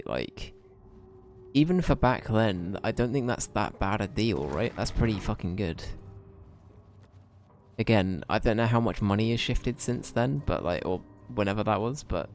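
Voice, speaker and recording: A man's voice: fairly low pitch, a little mellow. A man streaming a video game, chatting in a laid-back, rambling way and swearing freely. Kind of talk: casual gameplay commentary.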